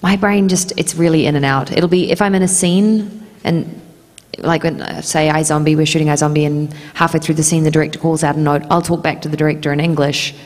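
Woman, New Zealand accent, low voice, chatty panel talk, echoing convention hall. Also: steady tone, brisk, a little mellow. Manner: chatty, laughs often. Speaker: panel guest actress.

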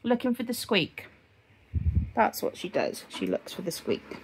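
A woman's voice: medium pitch, huge pitch swings, unhurried, vocal fry, a little hiss or hum. Chatty woman talking to her dogs. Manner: rambling, talks sing-song to her dogs. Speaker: crochet vlogger. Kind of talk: casual chat to camera.

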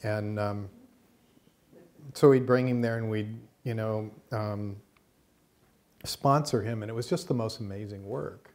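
A middle-aged American man teaching a course, telling an anecdote in a lively way and acting out the voices of the people in it. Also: on the low side, measured pace, pauses often. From United States. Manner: lively storyteller, acts out the voices in his anecdotes. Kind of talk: storytelling lecture to a class.

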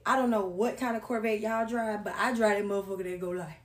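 A woman's voice: medium pitch, normal speed, hardly any pauses, reverberant. A woman in a brash, profane, bossy rant, talking through a dance demonstration. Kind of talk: casual rant and dance demo.

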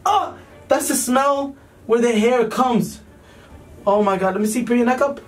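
A man in his twenties, a vlogger, talking in a playful, teasing and excitable way while pranking children. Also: very high-pitched, normal speed. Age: 20s. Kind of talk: casual prank vlog. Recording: distant mic with faint music.

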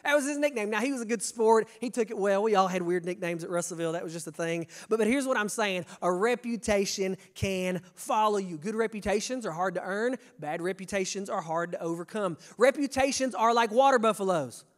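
This young preacher from Kentucky, Kentucky accent and all, gives a lively, folksy sermon aimed right at his congregation. His voice is high, and he talks fairly quickly with hardly any pauses.

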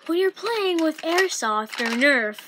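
A woman's voice: high voice, lively intonation, slow pace, background noise. A woman vlogger ranting to camera in a frustrated, insulting way and swearing mildly. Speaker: gaming vlogger. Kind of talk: angry rant to camera.

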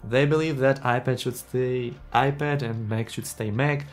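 A man in a casual tech vlog speaks to camera with earnest enthusiasm, his phrasing slightly non-native. His voice sits at an ordinary middle pitch. Faint guitar music plays quietly behind him. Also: fairly even intonation, a little slow. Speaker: tech YouTuber.

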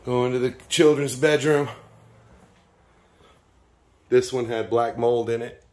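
A man's voice: mid-range voice, steady tone, slow. A man casually filming a demolition job, touring the gutted rooms and joking as he goes. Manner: jokey, laughs often, exclaims loudly. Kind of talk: casual vlog walkthrough. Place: inside a gutted house. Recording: echoey empty room, faint ambience.

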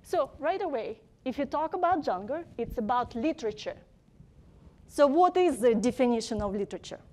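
A woman giving an academic lecture, speaking deliberately and emphatically, often posing rhetorical questions. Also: high voice, expressive, a little mellow.

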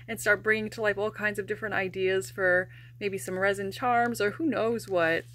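A woman's voice: medium pitch, steady tone, moderate pace. Gushing woman unboxing plush gifts. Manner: gushing, emotional, often laughing softly. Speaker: plush collector vlogger. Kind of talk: casual unboxing vlog.

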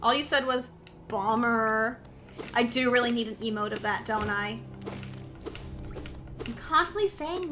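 A woman's voice: high-pitched, animated, a little slow, bright, forceful tone, faint music behind. A woman streamer chatting playfully with her chat while gaming, goofy and self-mocking. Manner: playful, silly, talks to chat.

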